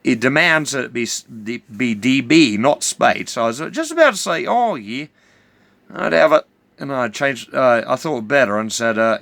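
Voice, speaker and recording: Brief: middle-aged New man, rambling stammering storyteller, lively pitch, very dry close recording. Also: normal speed, gravelly, dry recording. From New Zealand. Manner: rambling, stammering, full of hesitations. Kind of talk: rambling comic yarn.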